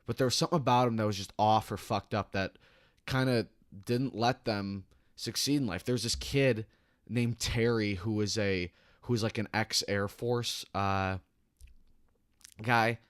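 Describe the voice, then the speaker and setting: A man's voice: fairly low pitch, fairly even intonation, unhurried, clean tone, no room sound, clean studio sound. A young man, telling a heated, profane work story as a podcast co-host. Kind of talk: casual podcast chat.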